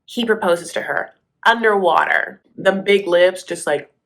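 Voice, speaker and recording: A woman hosting a casual TV recap, sassy and gossipy, calling the viewer honey and slipping into quick voices for the people she quotes. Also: lowish voice, gravelly. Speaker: host.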